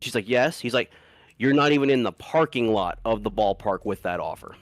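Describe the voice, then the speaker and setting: A man's voice: on the low side, lively intonation, a little fast, no room sound. A man casually telling a long story to friends, rambling, swearing freely and often breaking into laughter.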